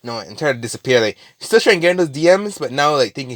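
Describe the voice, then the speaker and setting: Guy rambling through a fan story, swears a lot, mid-pitched, dry close sound. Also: big pitch swings, quick pace, no room sound. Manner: rambling, profane, many fillers and restarts. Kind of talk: casual retelling of a fan story.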